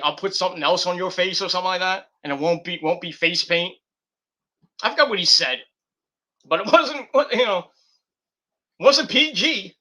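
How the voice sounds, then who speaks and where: Guy rambling about wrestling, really bright tense voice, kinda high, lots of restarts. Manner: rambling, giggly, many restarts and fillers. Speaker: wrestling show reviewer. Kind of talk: rambling casual commentary.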